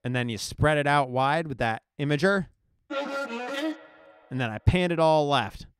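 A man's voice: fairly high pitch, big pitch swings, a little slow, smooth. A man casually walking through his music production step by step in a live tutorial. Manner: chatty, explains step by step.

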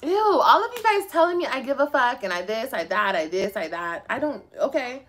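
Ranting bluntly and profanely to her phone livestream audience, this young woman is sassy and laughs a lot. Her voice is a little high, sing-song, fairly quick and fairly bright.

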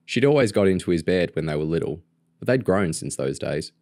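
A man narrating a novel aloud in a steady, even reading voice. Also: low-pitched, fairly quick, no room sound, clean studio sound. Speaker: audiobook reader. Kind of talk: storybook narration.

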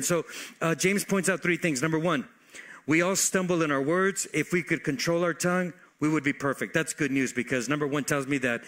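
Man preaching a lively sermon. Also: a little high. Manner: call-and-response preaching, varied pace and loudness. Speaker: pastor.

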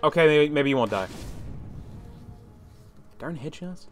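Lively young man commenting on gameplay. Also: on the high side, a little slow, faint music behind. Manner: chatty, animated, yells at enemies. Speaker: gaming commentator. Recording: faint game noise behind.

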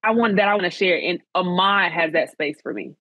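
A woman journalist appearing as a guest in a casual interview chat, speaking in an animated, encouraging, almost preacher-like way. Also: lowish voice, fairly quick, no room sound, low-quality recording.

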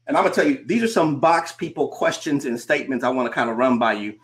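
A man gives a motivational talk as a coach, with a voice of ordinary, middle pitch. He hammers his points through repetition and keeps asking his listeners questions. Now and then he slows right down to lean on a key phrase. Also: expressive. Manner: emphatic, repeats lines and asks rhetorical questions. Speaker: coach and conference speaker. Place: speaking remotely to a virtual audience.

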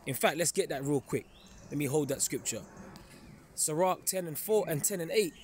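A man preaching an informal sermon in an emphatic, conversational way, often pausing to check in with his listeners. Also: fairly high pitch, a little hiss or hum. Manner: emphatic, keeps checking in with listeners, chuckles darkly.

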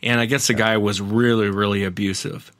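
A man's voice: lowish voice, little pitch movement, fairly quick, a bit bright, no room sound. A man, a podcast host appearing as a guest, earnestly retelling other people's encounters at length in a casual interview.

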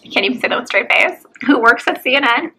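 A woman's voice: sits high, expressive, quick pace, bright, forceful tone, slightly rough, low-quality recording. A woman co-hosting a podcast, talking in a blunt, scornful and sarcastic casual chat. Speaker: podcast co-host.

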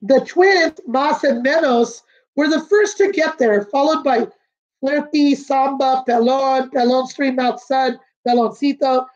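A female kindergarten teacher with a high, somewhat dark-toned voice reads a picture book aloud at a measured pace, pausing to explain pictures and words to the children. The recording is dull and lo-fi.

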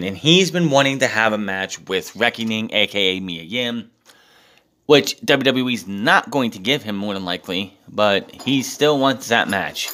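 A man's voice: medium pitch, fairly bright tone. A man with an ordinary mid-range voice talks through a recap casually. He swears freely and grows exasperated, slipping into mocking impressions of the people he's quoting. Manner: profane, exasperated, acts out quotes mockingly. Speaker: wrestling show reviewer. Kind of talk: casual recap with ranting commentary.

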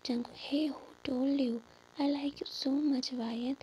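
A woman voicing a protective young husband in a whispered role-play, speaking softly and insistently. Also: high voice, steady tone, measured pace, slight background noise, poor audio. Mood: tender.

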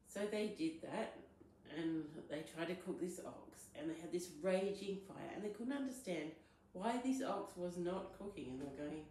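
A woman's voice: lowish voice, moderate pace, mellow, slight background noise. A woman retelling a myth in a casual, chatty way, as a storyteller. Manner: chatty, loose, with fillers. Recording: very echoey room.

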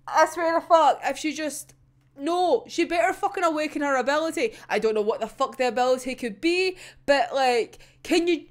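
Scottish girl ranting about a manga chapter, high voice, swears loads. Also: moderate pace. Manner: swears a lot, laughs and cries out in exasperation. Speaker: manga reaction vlogger. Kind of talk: emotional reaction vlog.

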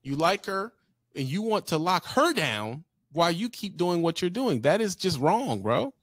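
A man's voice: high-pitched, sing-song, moderate pace, a bit bright, no room sound, studio quality. A man hosting a live talk stream, giving blunt, profane opinions in casual chat.

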